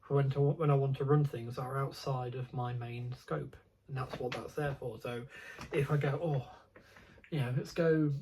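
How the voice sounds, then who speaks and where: A man's voice: mid-range voice, little pitch movement, normal speed, darkish tone, a little hiss or hum, poor audio. A young man chatting casually about his model railway hobby, rambling and digressive with many ums and restarts.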